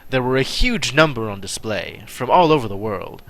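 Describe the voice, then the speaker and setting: Bright, lively man reading a game aloud. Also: mid-range voice, moderate pace. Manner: wry, chatty asides while reading aloud. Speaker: streamer playing a text game. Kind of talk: live game play with narration.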